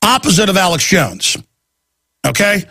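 Gravelly, raspy male talk radio host. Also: sits high, normal speed, no echo. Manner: excitable, rambling, acts out quotes. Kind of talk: ranting talk radio monologue.

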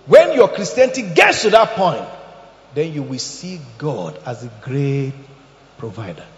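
A man preaching a sermon as pastor, emphatic and joking, swinging between loud bursts and quiet asides. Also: fairly high pitch, very animated, unhurried. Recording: echoey hall, slightly dull sound.

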